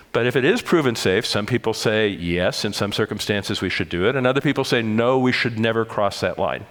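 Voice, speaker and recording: An older man delivers a conference lecture in a measured, explanatory way, pausing to correct himself now and then. His voice sits at an ordinary middle pitch. A long reverb from the large hall trails after his words. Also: fairly bright tone. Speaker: conference speaker. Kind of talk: public lecture.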